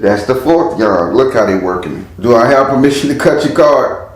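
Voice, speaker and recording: A man giving a casual spiritual tarot reading in a relaxed way, chanting words over and over as he reads the cards. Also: medium pitch, normal speed. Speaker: tarot card reader. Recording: very echoey room.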